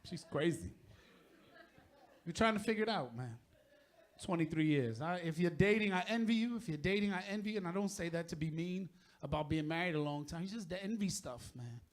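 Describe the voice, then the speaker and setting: A middle-aged man doing a stand-up comedy set on stage, profane and shouting out his punchlines. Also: a little high, lively intonation, a little fast.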